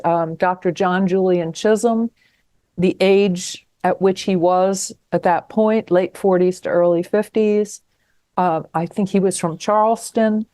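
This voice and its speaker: A woman's voice: medium pitch, darkish tone, dry recording. Woman host asking engaged questions. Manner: engaged, asks follow-up questions. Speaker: show host. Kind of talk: interview.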